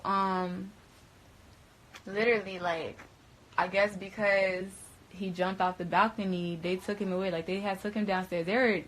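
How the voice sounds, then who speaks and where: A woman's voice: fairly low pitch, a little hiss or hum. A young adult woman casually recounting a story in slangy, profane, rambling speech full of fillers.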